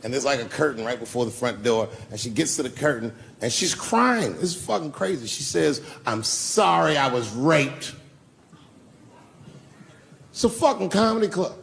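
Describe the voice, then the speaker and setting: A man's voice: medium pitch, lively intonation, fairly quick, few pauses. A man performing a stand-up set in a small comedy club, telling stories in a profane, loose way. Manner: profane storytelling, gravelly.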